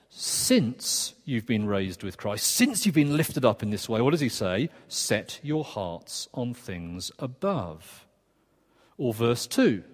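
A man preaching a sermon in a conversational, earnest way, with quick asides and restarts. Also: mid-range voice, a little mellow. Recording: long reverb of a church hall.

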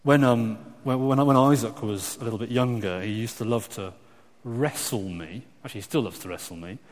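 Male preacher, mid-pitched, animated delivery with restarts, long hall echo. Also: fairly quick. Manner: animated and emphatic, swinging between loud exclamations and quiet asides; frequent restarts and stumbles. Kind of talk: sermon.

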